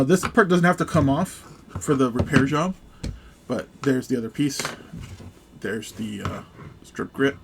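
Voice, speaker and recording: A man with a mid-range voice walks viewers through a hands-on repair at a workbench, speaking casually and hesitantly with plenty of ums and little jokes. A faint hum sits under his voice. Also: mid-range voice. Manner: relaxed, joking, hesitant with fillers. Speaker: gun repair video host. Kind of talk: casual how-to demonstration.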